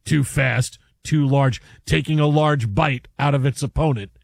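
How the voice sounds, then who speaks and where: A man putting on a deadpan mock sportscaster voice to call a made-up animal fight. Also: medium pitch, measured pace, creaky, dry recording, clean studio sound, voice pushed down. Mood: mock commentary.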